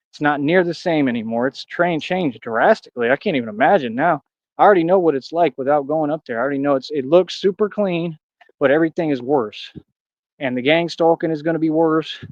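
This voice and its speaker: A man's voice: fairly high pitch, a little mellow, dry recording, muffled recording. A man ranting casually on a livestream, rambling and aggrieved, slipping into preachy declarations. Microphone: streaming mic.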